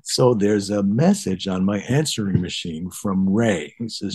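A middle-aged man from Detroit, a bassist guest in a casual interview, telling stories and acting out past dialogue. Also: a little slow, hardly any pauses, husky. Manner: animated, acts out past dialogue in higher voice.

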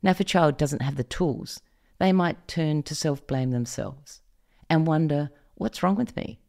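Delivering an expressive scripted monologue, a middle-aged Australian host of a parenting podcast asks her listener direct questions. Her voice is low-pitched and dark, and she takes her time.

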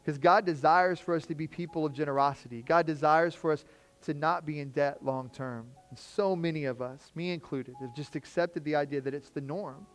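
A man preaching a sermon as pastor, telling a story with lively quoted dialogue and casual slang. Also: fairly high pitch, brisk, faint music behind. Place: church.

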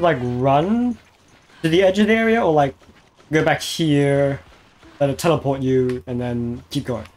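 A male game streamer chatting casually to himself as he plays, easily excited and talking to the monster on screen. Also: mid-range voice, a little slow. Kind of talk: casual live gameplay commentary.

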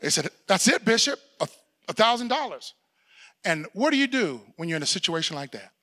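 A middle-aged man preaching a sermon as pastor, telling a story, acting out the people in it and shouting for emphasis. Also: sits high, sing-song, brisk.

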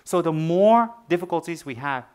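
A man giving a Dharma talk as a Buddhist teacher, teasing and playful, then dropping to soft, earnest teaching. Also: a little high, animated, normal speed, smooth.

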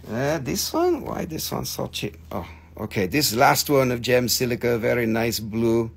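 A man's voice: mid-range voice, sing-song, measured pace, vocal fry, few pauses, slightly rough. A man hosting a live gem sale show, chatty and joking, swearing casually, with phrasing. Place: gem shop studio.

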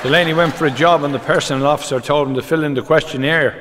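An Irish man, a comedian, doing live stand-up, briskly rattling off short jokes as quick back-and-forth exchanges. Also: on the high side, fairly even intonation, crowd noise. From Ireland. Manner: brisk storyteller, rattles off quoted exchanges with repeated "he says". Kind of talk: live stand-up joke telling. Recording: reverberant venue with background noise.

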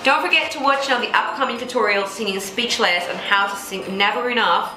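A woman vocal coach with a low contralto voice, explaining technique and breaking into sung examples. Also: brisk. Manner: explains then sings example lines. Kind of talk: singing tutorial with sung demonstrations. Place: Singapore. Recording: echoey room with faint music.

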